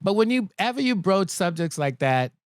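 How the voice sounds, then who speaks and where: A man from the Virgin Islands, a comedian, chatting in an interview in a lively way, laughing and acting out voices. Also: sits high, normal speed, clean tone, no echo. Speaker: comedian guest. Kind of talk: casual interview chat.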